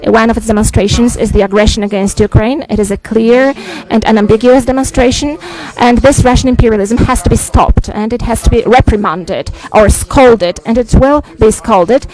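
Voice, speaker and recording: Polish-accented man giving a measured press statement. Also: very high-pitched, fairly even intonation, a little mellow, low-quality recording. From Poland. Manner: deliberate, emphatic, frequent "uh" hesitations. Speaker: visiting head of state.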